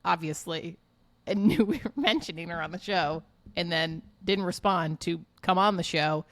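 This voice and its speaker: A woman's voice: lowish voice, normal speed, fairly bright tone, no echo. A woman co-hosting a podcast, chatting casually in a teasing, playful way. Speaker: podcast co-host. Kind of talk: casual chat.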